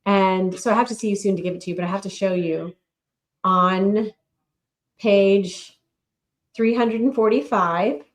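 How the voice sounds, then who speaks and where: A woman co-hosting a casual chat podcast, easygoing and talkative. Her voice sits at a middle pitch, and she takes her time. She sounds like she is settled in among friends. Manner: chatty, unhurried, reads aloud from her own book. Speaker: podcast co-host.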